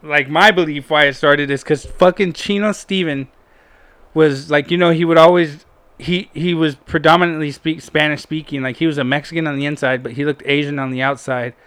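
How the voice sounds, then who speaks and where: A man's voice: fairly high pitch, fairly even intonation, fairly quick, fairly bright tone, clean tone, no room sound. A young man telling long, profane stories in a rambling, casual way, full of fillers. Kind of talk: casual storytelling chat.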